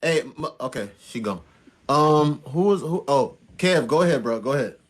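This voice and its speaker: A man's voice: mid-range voice, lively intonation, normal speed. A man hosting a livestream who calls time out and hands the floor to the next speaker.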